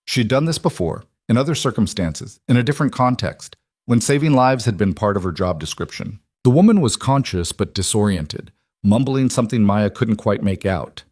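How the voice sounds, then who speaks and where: Low, dry male storyteller. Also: expressive, normal speed, darkish tone, slightly rough, no room sound. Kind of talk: scripted story narration.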